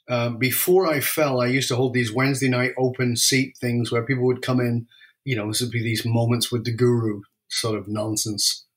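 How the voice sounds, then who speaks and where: A man telling an emotional personal story, reflective and candid, speeding up and slowing down as he goes. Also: medium pitch. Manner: emotional, reflective, varies pace widely.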